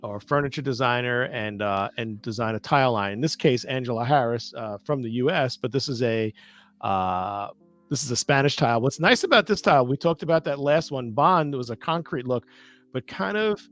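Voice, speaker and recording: A man's voice: medium pitch, lively intonation, moderate pace, a bit bright. Man, casual expert, rambling and playful, faint background music. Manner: rambling, knowledgeable, teasing. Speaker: tile company guest expert. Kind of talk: casual chat.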